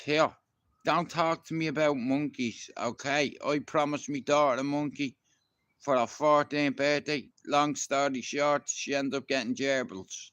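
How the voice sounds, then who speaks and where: A man's voice: medium pitch, fairly even intonation, unhurried, a bit bright, no room sound. Man, Dublin Irish accent, middle-aged, rambling storyteller, swears a lot, close dry sound. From Ireland. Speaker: live streamer. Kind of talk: casual live-stream storytelling. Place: outdoors in a garden.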